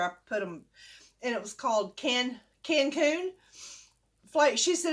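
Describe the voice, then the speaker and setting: A woman's voice: medium pitch, normal speed, long pauses, slight background noise. An older woman, chatting in a casual storytelling vlog and acting out the dialogue as she goes. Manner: chatty, animated, acts out the dialogue. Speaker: vlogger.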